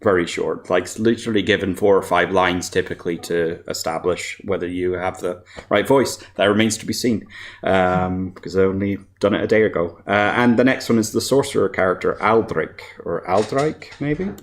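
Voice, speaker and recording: A deep-voiced man who works as a composer and voice actor gives a casual presentation at a developer meetup at a fairly quick pace. He's relaxed and self-deprecating, laughing often.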